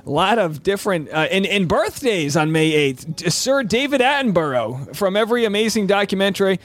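Upbeat high-voiced man, podcast host. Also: sing-song, brisk. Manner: upbeat, jokey, rambling asides. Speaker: podcast host and stand-up comic. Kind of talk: energetic solo podcast chat.

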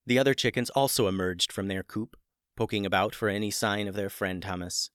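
A man narrates a children's story in a gentle, plain way. His voice sits fairly low. The recording is dry and close. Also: fairly even intonation, brisk, clear, resonant tone, no echo.

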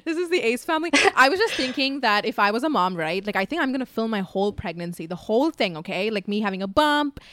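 A woman's voice: fairly high pitch, expressive, fast, hardly any pauses, fairly bright tone, no room sound. A woman in her twenties chatting candidly on a podcast, full of likes and asides. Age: 20s. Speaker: podcast co-host. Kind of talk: casual chat.

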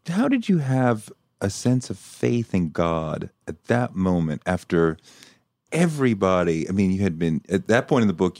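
A man's voice: deep voice, darkish tone, no room sound, clean studio sound. A man interviewing a guest, asking thoughtful, empathetic questions in a conversational way.

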